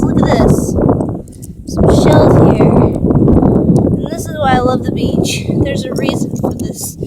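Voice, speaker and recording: Gushing high-voiced woman on a windy beach. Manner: gushing, exclamatory. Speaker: vlogger. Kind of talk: casual walking vlog. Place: outdoors on a beach. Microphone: phone on a selfie stick. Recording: loud wind noise on phone.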